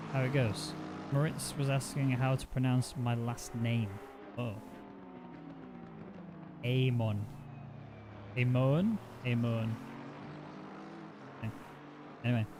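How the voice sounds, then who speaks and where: A man's voice: medium pitch, level tone, moderate pace, pauses often. Chatty man commentating a sim race. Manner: chatty, laughs easily, banters with co-host. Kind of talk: casual live race commentary. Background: racing car engine noise.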